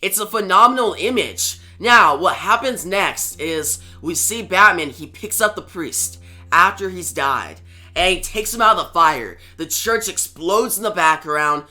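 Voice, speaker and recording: A man's voice: high-pitched, animated, a little slow, sharp tone, soft background music. A man reviewing a comic book on video, retelling the story casually and talking to viewers. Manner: plain retelling with fillers and asides to viewers.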